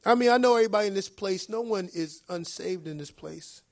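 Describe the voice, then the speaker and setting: A man's voice: sits high, a little fast, creaky. A man preaching a sermon in a conversational way, asking his listeners rhetorical questions.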